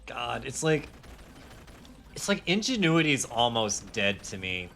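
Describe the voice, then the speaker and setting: A man's voice: medium pitch, very animated, measured pace, vocal fry, pushed and bright, a little hiss or hum. A young man streaming a game live, talking casually in a heated, rambling rant with swearing and self-mocking asides. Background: faint game music.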